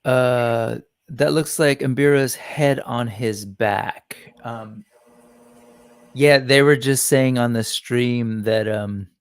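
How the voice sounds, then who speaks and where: A man's voice: medium pitch, takes it slowly, clean tone, no room sound, studio quality. A man hosting a casual livestream, chatting about toy reveals and greeting viewers in the chat by name. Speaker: livestream host.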